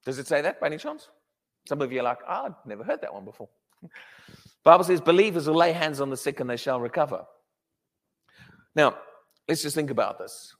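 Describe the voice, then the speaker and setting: A man preaching a sermon, emphatic and animated, often restarting his words as he builds a point. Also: fairly high pitch, a little fast, pauses often, big-room sound.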